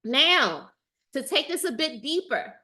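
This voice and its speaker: Bright-voiced, high-pitched, emphatic woman. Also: sing-song, unhurried. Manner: emphatic and enthusiastic, repeats phrases for emphasis. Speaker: dating coach hosting a live stream. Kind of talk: casual live-stream talk, reading out and answering viewer comments.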